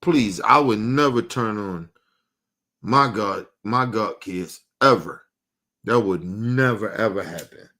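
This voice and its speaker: A man ranting heatedly and profanely on a casual stream as its host, repeating himself and swinging from loud bursts to low mutters. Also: slow pace.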